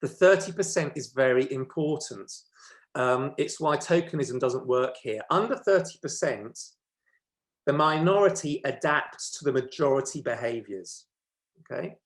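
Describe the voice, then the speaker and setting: A man's voice: medium pitch, expressive, normal speed. A man giving a conversational workshop talk, often correcting himself and checking in with his listeners. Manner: chatty, checks in with listeners with "okay?"; self-correcting, with frequent ums. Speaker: workshop presenter.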